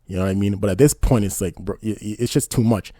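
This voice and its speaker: Man, casual commentary, indignant, rambling, quick, dry recording. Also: on the low side, warm tone, slightly rough, no echo. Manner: indignant, rambling, repeats "you know what I mean". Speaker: commentary YouTuber.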